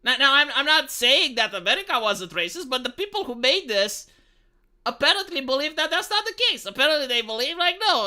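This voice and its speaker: A man's voice: very high voice, sharp tone. A man from Romania, ranting profanely and sarcastically on a live stream about a film.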